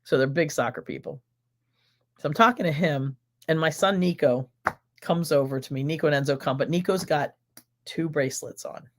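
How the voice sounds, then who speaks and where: A woman's voice: deep voice, moderate pace. A middle-aged American woman with an American accent hosts a live stream, chatting exuberantly and rambling through questions and stories. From United States.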